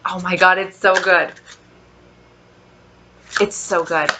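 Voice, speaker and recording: A woman vlogger giving a casual product review, gushing with drawn-out exclamations and soft whispered asides. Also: fairly low pitch, steady tone, slight background noise.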